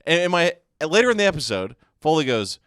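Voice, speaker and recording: A man tells a story on a podcast, acting out quotes and swearing. He talks fast, and his fairly high voice jumps around. The sound is dry and close. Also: clear, resonant tone, dry recording. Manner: excitable, acts out quotes, swears. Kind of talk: casual storytelling.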